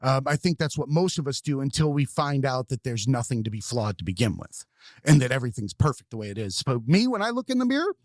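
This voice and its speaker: A man's voice: mid-range voice, big pitch swings, quick pace, dry recording, clean studio sound. A man hosting a podcast, talking candidly and casually, swearing freely and repeating words as he thinks. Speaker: podcast host. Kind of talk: casual conversation.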